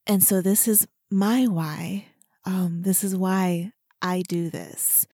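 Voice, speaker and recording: A woman's voice: lowish voice, fairly even intonation, slow pace, mellow, breathy edge, no room sound, clean studio sound. A woman hosting her own fitness podcast, talking earnestly and heartfelt, casual with many asides. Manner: earnest, heartfelt, chatty with frequent "you know". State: emotional, near tears. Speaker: podcast host and fitness coach. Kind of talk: casual solo podcast talk. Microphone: studio podcast microphone.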